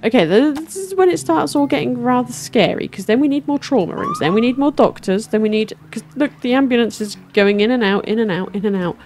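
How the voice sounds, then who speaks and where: A woman's voice: fairly high pitch, expressive, brisk, hardly any pauses, darkish tone, slight background noise. Chatty woman playing a game. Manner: chatty, talks to herself and the game characters, often laughs. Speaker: gaming channel host. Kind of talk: casual let's-play commentary.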